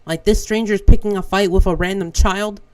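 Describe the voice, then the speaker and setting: A young man with a high voice, a streamer from Brazil whose first language is Portuguese. He tells a story in a loose, animated way and swears freely. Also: normal speed, rough recording. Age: young adult. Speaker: vtuber streamer. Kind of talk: casual storytelling.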